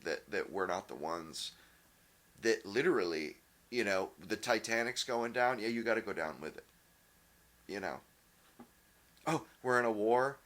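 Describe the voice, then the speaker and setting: A man hosting his own channel, ranting casually in a blunt, profane way, with many halting restarts and fillers. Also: fairly low pitch, animated, a bit bright. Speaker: channel host. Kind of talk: casual opinion rant.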